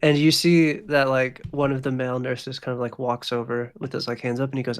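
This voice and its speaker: A man's voice: mid-range voice, flat delivery, brisk, few pauses, clear, resonant tone. A man narrating as dungeon master in a loose, casual way, full of fillers. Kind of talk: narrating a tabletop game.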